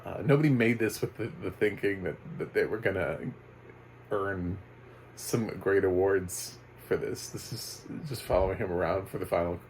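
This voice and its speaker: Low-voiced man rambling through a review. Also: normal speed, darkish tone, slight background noise, poor audio. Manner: rambling, chuckling, many fillers and restarts. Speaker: movie reviewer. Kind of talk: casual video review.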